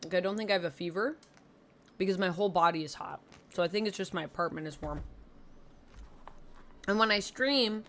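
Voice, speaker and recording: A young Canadian woman with a slight Southern twang rambles casually on a live stream from her home desk mic, chatty and self-deprecating. Her lowish, fairly bright voice moves fairly quickly but with long pauses, over slight background noise.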